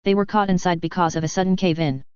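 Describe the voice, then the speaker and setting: A woman's voice: on the low side, fairly even intonation, fast, clear, resonant tone, no echo, lightly acted. A woman reading the lines of a large, horned, furry male creature who reports deferentially to his lord, on slightly dull lo-fi audio.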